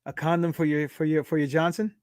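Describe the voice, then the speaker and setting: Man from the US, interview guest, brash, joking, profane, a bit high-pitched, dry close mic. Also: flat delivery, fast, darkish tone, clean tone, dry recording. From United States. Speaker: guest, pro wrestler. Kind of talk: casual interview chat.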